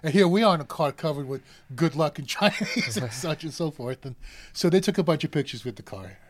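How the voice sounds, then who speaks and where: A man's voice: on the high side, brisk, a crowd in the background. A middle-aged man, a cable car gripman, telling stories as an interview guest and acting out the voices of people in them. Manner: animated storyteller acting out voices. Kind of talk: storytelling in a podcast interview.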